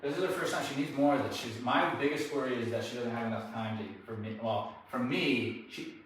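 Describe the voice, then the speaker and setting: A man working as a dog trainer, talking through a live training session in a relaxed, explanatory way. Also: mid-range voice, a little fast. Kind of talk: hands-on training demonstration. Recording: very echoey room, distant mic, faint noise.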